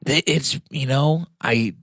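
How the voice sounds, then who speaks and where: A man's voice: medium pitch, slow, fairly bright tone, slightly rough. A man guesting on a comedy podcast, chatting casually and running through box office figures with dry asides. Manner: reads box office numbers, wry. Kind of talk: casual chat.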